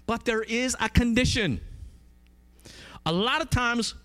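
A man's voice: very high-pitched, takes it slowly, fairly bright tone, soft background music. A man preaching a conversational sermon, emphatic and often asking his listeners questions.

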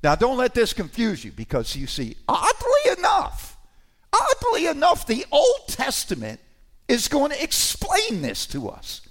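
Animated male preacher, lively swooping voice. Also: sits high, normal speed. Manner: animated, conversational preaching with sudden emphatic rises. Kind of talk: sermon.

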